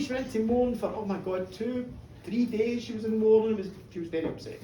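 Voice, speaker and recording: A middle-aged woman telling a comic folk tale live, cheeky and animated, chatting with her audience. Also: fairly high pitch, brisk. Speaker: storyteller. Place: pub bar, live show. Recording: roomy pub, from a distance, faint room noise.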